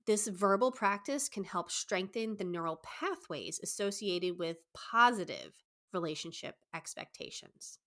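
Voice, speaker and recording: Young adult woman coach, a touch low-pitched, talks fast and eagerly. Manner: fast, excited, enthusiastic delivery. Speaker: coach and podcast host. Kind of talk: solo podcast advice talk.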